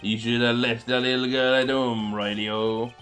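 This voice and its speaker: A man voicing a gruff, menacing male loan-shark boss from a game, with rough, slangy threats. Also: mid-range voice, little pitch movement, normal speed, a bit bright, soft background music, lightly acted. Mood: threatening.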